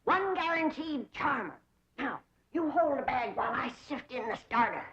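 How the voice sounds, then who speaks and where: Old hillbilly granny, bossy folksy talk, 1960s sitcom, dull hissy recording. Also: female voice, high-pitched, lively intonation, normal speed, fairly bright tone. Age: older. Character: feisty old hillbilly granny who mixes charms.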